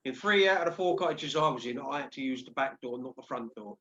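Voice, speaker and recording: A man's voice: mid-range voice, expressive, fast, sharp tone, slight background noise. A man hosting a casual discussion show, talking conversationally with frequent restarts. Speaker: host. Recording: dull lo-fi audio.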